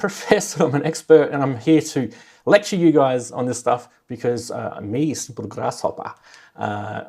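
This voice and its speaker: A man with an Australian accent hosting a casual livestream, cracking corny jokes and greeting viewers by name. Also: mid-range voice. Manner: jokey, rambling, greets chat by name. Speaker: livestream host.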